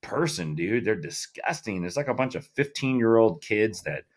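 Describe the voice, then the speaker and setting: A man's voice: lowish voice, expressive, moderate pace. Casual, profane male podcast co-host. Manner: loose and profane, lots of fillers. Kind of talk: casual chat.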